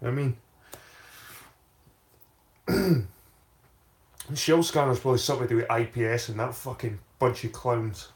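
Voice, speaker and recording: A man with a husky, slightly rough voice sits in the middle of the male pitch range. He hosts a casual livestream, swearing freely as he rambles and circles back over the same phrases. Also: fairly even intonation, moderate pace, long pauses. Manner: profane, rambling, repeats phrases. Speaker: channel host.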